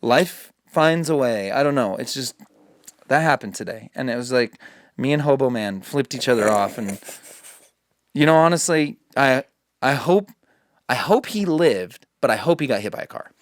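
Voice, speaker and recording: Animated swearing man telling a story. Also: medium pitch, normal speed, no room sound, clean studio sound. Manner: animated, swearing, acts out quotes. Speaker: podcast host. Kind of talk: casual storytelling chat.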